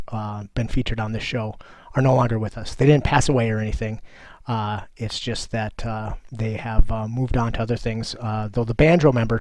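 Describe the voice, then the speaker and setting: A man's voice: lowish voice, a little mellow, dry recording. Guy cohosting a podcast, chill rambly talk, dry close mic. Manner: laid-back, profane, rambling. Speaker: podcast co-host. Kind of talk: casual chat.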